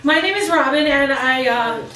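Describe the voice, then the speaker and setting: Performing as the featured poet at a live cafe open mic, a woman reads her spoken-word poetry in a high, animated, sharp-toned voice at a moderate pace. She shifts between intense, rhythmic passages and chatty side remarks, captured from afar in an echoey room.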